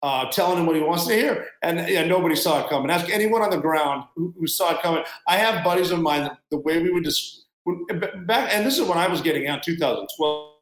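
Male guest, ex-military, blunt and sarcastic, higher-pitched, roomy echo. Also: fairly bright tone. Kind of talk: casual interview talk.

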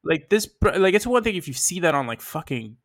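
A man co-hosting a podcast in animated casual chat, often swearing and laughing. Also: high voice, a little fast. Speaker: podcast co-host.

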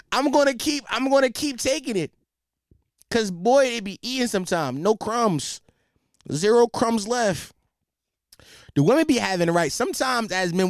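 Give me a young man ranting for laughs, high and animated, lots of slang and restarts. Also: normal speed, no room sound, clean studio sound. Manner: animated, profane, slangy, repeats himself. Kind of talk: comedic rant.

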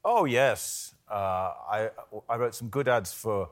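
A man's voice: on the low side, takes it slowly, few pauses. A British man in his sixties, a talk show guest, speaking in a wry, self-deprecating way. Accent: British English. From Britain.

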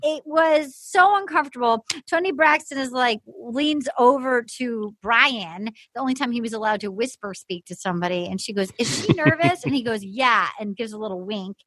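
A young woman co-hosting a podcast, recapping a dating show in animated casual chat and acting out what people said. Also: on the high side, normal speed, hardly any pauses, no echo. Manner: animated storyteller, acts out quotes. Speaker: podcast co-host.

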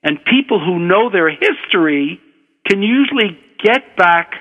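An older man from Brooklyn, USA, a physician and author appearing as a guest, tells a relaxed, wry anecdote in an unhurried, conversational way. His voice is a little high for a man, and the dull radio broadcast carries a long reverb.

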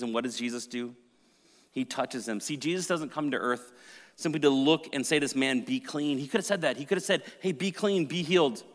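Man preaching in a reverberant hall. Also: medium pitch. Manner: dramatic, swings from loud to hushed. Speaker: pastor. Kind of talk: sermon.

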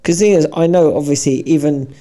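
Animated dad telling stories. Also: male voice, on the high side, quick pace. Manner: animated storyteller, acts out voices in anecdotes. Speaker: podcast co-host. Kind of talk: casual chat.

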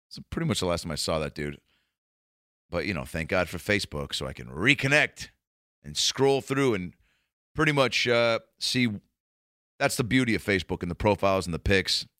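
A man's voice: sits low, bright, forceful tone, no room sound, studio quality. A man, a comedian, rambling through a profane, casual monologue full of restarts.

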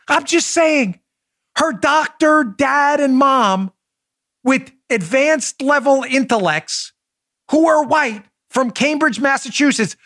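Male political podcast host; high-pitched, very expressive, sarcastic monologue delivery. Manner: incredulous, rapid-fire rhetorical questions; sarcastic, mocking asides.

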